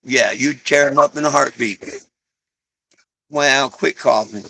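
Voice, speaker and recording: Gravelly man chatting to his dogs. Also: measured pace, pauses often. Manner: coos softly at his dogs in a lower voice. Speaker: vlogger talking to his dogs on a live stream. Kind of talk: casual live-stream chat. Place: home with dogs.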